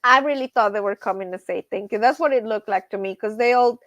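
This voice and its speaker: A woman's voice: mid-range voice, fast talker, fairly bright tone, dry recording. A middle-aged woman hosting a casual livestream, chatty, laughing often and greeting viewers from the chat. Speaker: livestream host.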